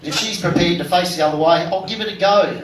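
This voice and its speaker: A somewhat high-voiced Australian man performing stand-up with crude, deadpan punchlines. He is recorded from a distance in an echoey venue, with loud ambient noise around him. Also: quick pace. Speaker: stand-up comedian and vlogger. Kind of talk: stand-up comedy set. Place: comedy venue stage.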